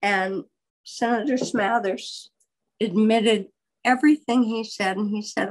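An older woman, a biographer, telling a long story in an interview in a candid, wry and animated way. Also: a little high, measured pace, low-quality recording.

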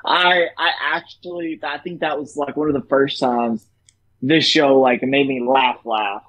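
A man's voice: mid-range voice, unhurried, low-quality recording. A young man co-hosting a casual podcast, recapping a TV episode with lots of swearing and acted-out lines. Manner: animated, profane, acts out scenes with laughter. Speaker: podcast co-host.

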